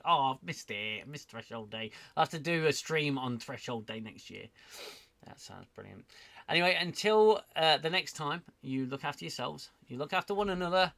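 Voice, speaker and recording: A man's voice: medium pitch, fairly bright tone. A man hosting a casual livestream chat, rambling and self-deprecating, apologizing often as he reads viewer comments. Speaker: livestream host.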